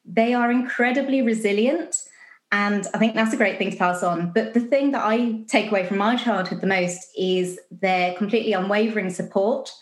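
A woman's voice: medium pitch, moderate pace. A young woman from southern England, a guest talking in a chatty, upbeat way with frequent ums over a video call. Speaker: guest, financial advisor. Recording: echoey room.

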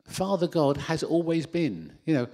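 Animated man preaching a sermon. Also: fairly high pitch, a little slow. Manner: animated, rising with emphasis, self-deprecating asides. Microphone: handheld microphone.

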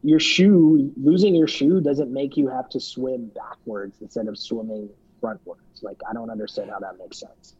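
A man's voice: mid-range voice, fairly even intonation, moderate pace, few pauses, darkish tone, slightly rough. A man co-hosting a podcast, chatting casually about a reality show in a loose, filler-heavy way. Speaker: podcast co-host. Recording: dull lo-fi sound.

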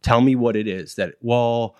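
This is a quick-paced man with a lower voice, recorded without echo. He teaches behavior analysis training and, in an informal interview, explains with animation, acting out quotes and restarting often.

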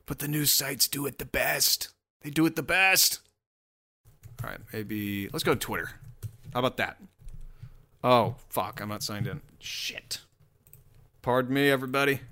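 A man's voice: medium pitch, a little slow, long pauses, bright, forceful tone. A man giving casual, profane commentary while scrolling through posts, rambling and mocking.

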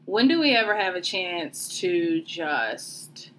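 A woman's voice: lowish voice, sing-song, slow, a bit bright, a little hiss or hum. A woman co-hosting a podcast in casual chat, speaking emphatically and reflectively. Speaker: podcast co-host.

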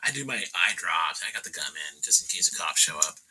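Casting: relaxed male painter guest, very bright tone, chatty storyteller. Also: low-pitched, fast, slightly rough, poor audio. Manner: laid-back, laughing, acts out quotes. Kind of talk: casual storytelling chat.

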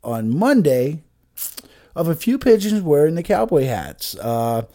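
A profane man hosts a comedic news read, his voice mellow and dark. His pitch swings widely between sarcastic asides, and he keeps mumbling half to himself between lines. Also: big pitch swings, unhurried. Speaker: host reading news stories. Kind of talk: casual comedic news commentary.

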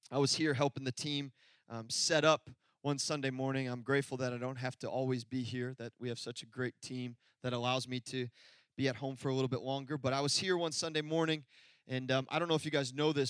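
A man's voice: medium pitch, a bit bright, no echo. A man preaching a sermon to a congregation, telling a story with laughter and asides to the crowd. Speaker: pastor. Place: church hall before a congregation.

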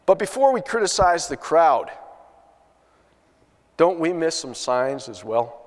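A man's voice: a little high, very animated, slow, in a large hall. A man preaching a sermon, telling a story in an earnest way with many restarts. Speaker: pastor.

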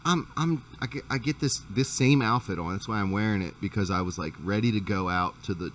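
A man's voice: lowish voice, fairly quick, recorded from a distance, slight background noise. A man hosting a podcast, telling a rambling, profane story in a casual chat. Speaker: podcast host.

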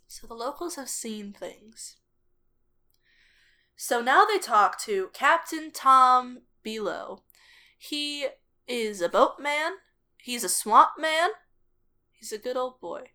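A woman co-hosting a podcast, telling a story in casual chat, animated and laughing often. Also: sits high, takes it slowly, long pauses. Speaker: podcast co-host.

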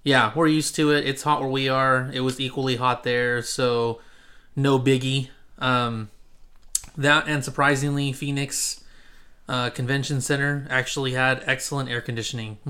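A man hosting a casual podcast, talking at a middling pitch. He rambles along, full of ums and restarts. He is from Central California. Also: flat delivery, normal speed, sharp tone. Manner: rambling, many fillers and restarts. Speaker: podcast host. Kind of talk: casual chat.

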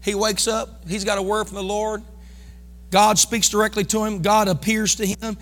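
A man preaching a fervent sermon, calling on his congregation to respond and breaking into shouts. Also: sits high, level tone, normal speed, in a large hall. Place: church sanctuary.

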